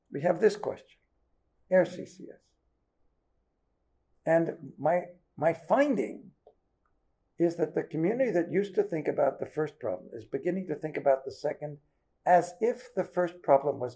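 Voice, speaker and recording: Older guy giving a seminar talk, gravelly, chatty and direct. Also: on the high side, animated, normal speed, pauses often, warm tone, rough recording. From United States. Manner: conversational, checks in with the audience. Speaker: guest lecturer. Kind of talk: academic seminar lecture. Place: lecture hall.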